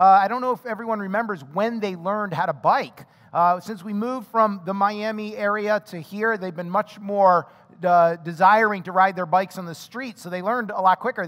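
A male pastor giving an animated, chatty sermon, telling a personal story and asking the congregation questions. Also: sits high. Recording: long hall reverb.

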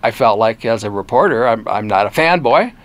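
An older man from Michigan with a local accent, a former reporter recounting interviews in a relaxed, animated conversational way. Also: medium pitch, brisk. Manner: animated storyteller who acts out quoted voices. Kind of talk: casual storytelling in an interview.

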